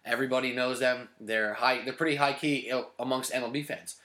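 A man chats about baseball as a podcast co-host, talkative and teasing, often breaking into laughter. His voice is bright and forceful, and the recording has a roomy echo around it. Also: mid-range voice, fairly even intonation, quick pace. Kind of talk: casual sports podcast chat.

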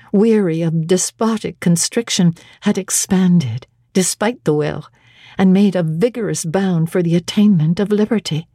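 A woman giving a measured, expressive dramatic reading of a classic novel on a close microphone. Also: fairly low pitch, slightly rough, no echo.

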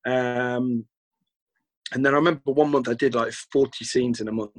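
In a casual chat, a British man from the UK tells long, meandering anecdotes, frequently performing the lines people said to him. He keeps a mid-range voice and a steady tone at normal speed, recorded dry.

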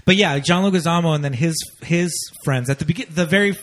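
A man's voice: fairly high pitch, quick pace. A man co-hosting a podcast in casual chat, agreeable and chatty, with many fillers. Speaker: podcast co-host.

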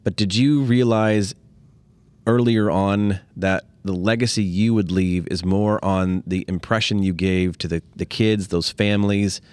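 Low-voiced host asking long questions. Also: male voice, fairly even intonation, measured pace, a little mellow, clean tone, no room sound. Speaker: podcast host. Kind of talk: casual interview questions.

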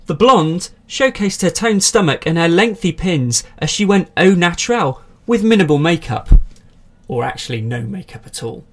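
A man's voice: sits high, expressive, moderate pace, fairly bright tone. Dry man reading tabloid news. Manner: dry, mock-serious reading with asides. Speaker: podcast host. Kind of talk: comic reading of tabloid articles.

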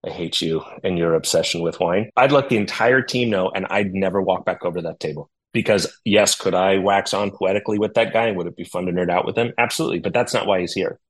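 Lively storytelling man, low voice. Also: fast, hardly any pauses, breathy edge, rough recording. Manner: lively storyteller who acts out dialogue, swears freely. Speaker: sommelier and restaurant owner. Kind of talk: casual podcast interview.

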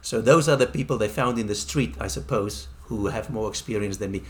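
A man's voice: fairly low pitch, a little fast. A middle-aged man from Africa, hosting a podcast and telling a personal story in a wry, self-deprecating way. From South Africa. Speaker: podcast host. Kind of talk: casual storytelling monologue.

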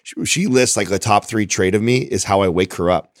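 Low-voiced man laughing along in chat. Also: no room sound, studio quality. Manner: laughs along, quick reactive interjections. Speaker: podcast co-host. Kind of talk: casual chat.

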